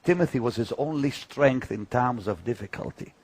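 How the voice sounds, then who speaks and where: An older man preaching, telling personal stories emphatically and swinging from loud declarations to hushed moments. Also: mid-range voice, expressive, moderate pace, breathy edge. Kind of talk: sermon-style teaching talk.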